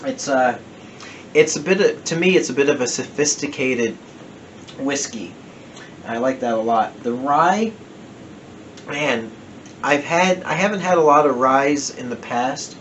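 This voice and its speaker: A man with a New Jersey accent talks slowly and loosely, drifting off and correcting himself mid-sentence. It is a relaxed home review, told at an easy, unhurried pace. A faint ambient hum sits behind him. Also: medium pitch. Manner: rambling, self-correcting, chatty. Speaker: whiskey reviewer. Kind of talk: casual home review vlog. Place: home den.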